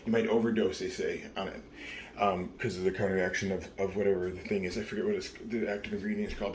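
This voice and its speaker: A man's voice: lowish voice, a little hiss or hum. A very tired man in his thirties rambling through a late-night confessional vlog, profane and full of fillers. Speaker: vlogger.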